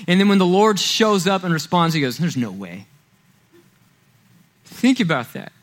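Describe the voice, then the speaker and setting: A man preaches a sermon in a high voice. His tone is conversational and animated. He walks about while he speaks. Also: fairly quick.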